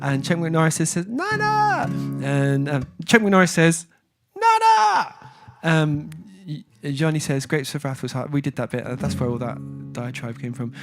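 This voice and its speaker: A man's voice: on the high side, fairly even intonation, moderate pace, few pauses. A man hosting a music livestream, chatting casually and reading viewer comments. He rambles, breaks off and restarts as he tells a story. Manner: rambling, self-interrupting storyteller.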